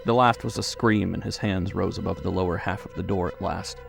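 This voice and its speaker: Gravelly low male horror narrator. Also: fairly even intonation, brisk, faint music behind. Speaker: audiobook narrator.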